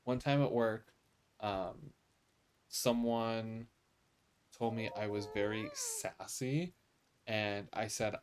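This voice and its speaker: A man's voice: fairly low pitch, takes it slowly, pauses often, slight background noise. A man with an American accent streaming a video game, chatting casually and sassily to viewers. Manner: chatty, sassy, reads game dialogue aloud. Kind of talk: casual live game commentary.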